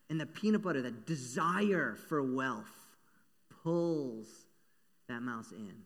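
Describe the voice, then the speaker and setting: A man preaching a sermon, playful and animated, acting out little voices as he talks. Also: medium pitch, takes it slowly. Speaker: pastor. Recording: long echo of a large hall.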